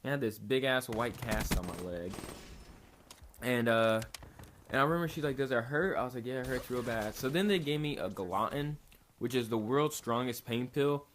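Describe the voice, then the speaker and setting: A man's voice: mid-range voice, moderate pace. Young guy rambling a story to camera, swears a lot, noisy background hiss. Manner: rambling, profane, laid-back. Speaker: vlogger. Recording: noisy home recording.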